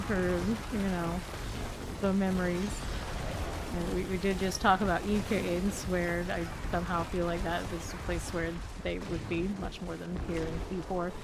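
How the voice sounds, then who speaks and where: A woman's voice: medium pitch, background noise. A woman streaming a game and chatting casually with her viewers, laughing often as she reads and answers chat.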